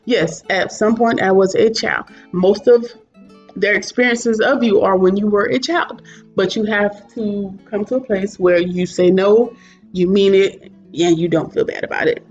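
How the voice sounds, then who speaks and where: A woman talks straight to her camera in a loose, candid vlog, drifting into chatty asides. Her voice sits at a middling pitch. The recording is muffled and lo-fi, with faint guitar music underneath. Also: steady tone, unhurried. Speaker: vlogger. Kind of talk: casual talking-head reflection. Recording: dull lo-fi sound with soft guitar music behind.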